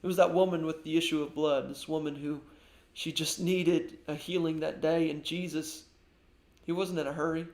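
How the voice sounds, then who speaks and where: A man's voice: fairly high pitch, fairly even intonation, normal speed, vocal fry, a little mellow, echoey room. A man giving an earnest devotional sermon as a pastor, often repeating words as he goes.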